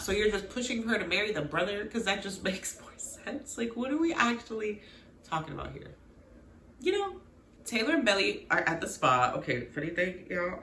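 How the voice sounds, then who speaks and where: Woman host, bright and forceful, lively and exclaiming, casual recap chat, roomy echo. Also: on the low side, slight background noise. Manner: animated, exclaiming, talks to viewers as "girl" and "y'all". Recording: echoey room.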